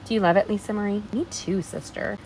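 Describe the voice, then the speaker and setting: A woman's voice: medium pitch, steady tone, fairly quick, darkish tone, slight background noise, low-quality recording. A woman hosting a live card-making stream, chatting in a bubbly way straight to her viewers as she demonstrates. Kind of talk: casual live craft demonstration.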